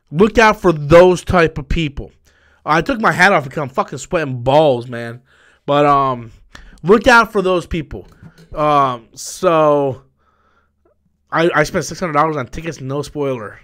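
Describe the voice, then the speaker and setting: A man hosting a live stream, talking casually and profanely, repeating himself and quickly flaring into angry rants at viewers. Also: on the high side, fairly bright tone. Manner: profane, repetitive, quick to anger. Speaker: livestream host.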